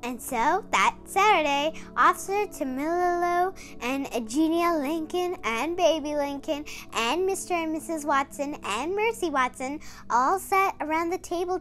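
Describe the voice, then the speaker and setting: A woman reading a children's picture book aloud in slow, expressive storytelling. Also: high-pitched.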